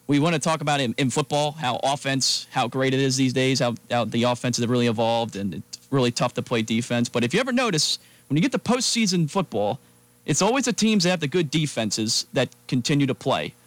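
A man co-hosting sports radio, giving energetic, emphatic takes. The sound is dry and close, with no room in it. His pitch is middle of the road. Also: brisk, no echo. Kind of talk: casual sports talk radio.

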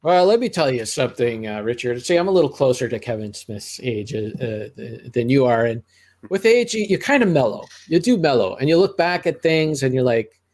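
Very animated and a little fast, this middle-aged podcast co-host has a medium-pitched, slightly mellow voice. He chats casually about movies, rambling along with plenty of restarts and side comments.

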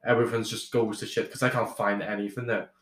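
A man's voice: lowish voice, little pitch movement, quick pace, a bit bright, roomy sound. A young man from Ireland, a podcast guest telling travel stories in a rambling, casual way with lots of restarts. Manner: rambling, with many restarts and swearing. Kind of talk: casual storytelling chat.

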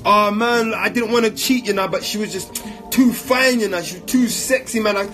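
A man's voice: high voice, fairly even intonation, moderate pace, over music, lightly acted. Man mimicking a whiny young cheater making excuses. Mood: whining.

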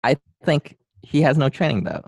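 A man's voice: on the high side, animated, normal speed, vocal fry, a little mellow, no echo, clean studio sound. A man co-hosting a podcast, chiming in with short, blunt remarks in casual film chat. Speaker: podcast co-host.

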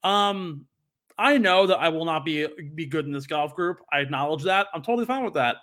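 Brief: young adult man, podcast co-host, slightly high voice, loose rambling anecdotes full of restarts. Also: brisk, a bit bright. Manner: rambling storyteller with many fillers and restarts. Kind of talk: casual chat.

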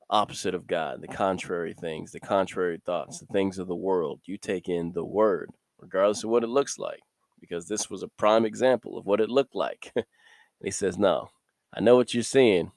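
Deep-voiced man preaching casually. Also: darkish tone, no room sound, clean studio sound. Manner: casual, conversational, laughs between points. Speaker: podcast preacher. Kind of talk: informal sermon with scripture reading.

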